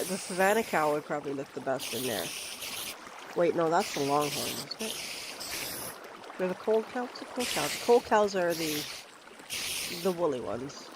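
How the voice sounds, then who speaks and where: A streamer from Canada giving casual gameplay commentary, rambling and giggling while thinking aloud. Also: medium pitch. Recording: loud constant background noise.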